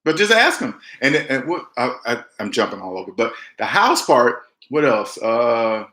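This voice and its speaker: A man giving emphatic personal finance advice straight to camera, mimicking people with big jumps in pitch. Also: sing-song, moderate pace, bright, forceful tone, echoey room. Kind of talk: direct-to-camera advice talk.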